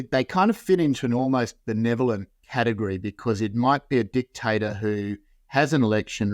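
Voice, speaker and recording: A low-pitched man speaks as an interview guest, setting out his points in long, qualified sentences. His voice is recorded close and dry, with no room sound around it. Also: no room sound. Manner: measured, builds points in long qualified clauses. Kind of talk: measured geopolitical analysis.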